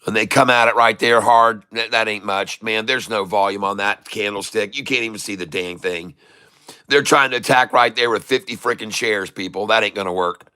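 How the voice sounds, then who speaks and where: Excitable folksy day trader, bright voice. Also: male voice, fairly low pitch, moderate pace, smooth. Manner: excitable and folksy, repeating phrases for emphasis. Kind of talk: live trading commentary.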